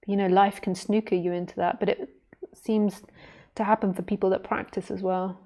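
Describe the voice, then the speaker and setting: Woman spiritual teacher, live Q&A; gentle and meandering, flat, soft-toned delivery. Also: mid-range voice, normal speed. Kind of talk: answering viewer questions on a livestream.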